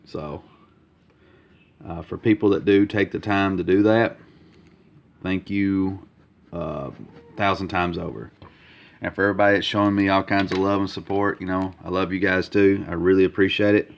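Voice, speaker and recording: A man with a fairly low voice talks casually to his viewers, stopping and restarting often with plenty of fillers. The recording sounds dull and lo-fi. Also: steady tone. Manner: halting, full of fillers and repeated words. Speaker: comic artist vlogger. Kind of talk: casual progress-update vlog.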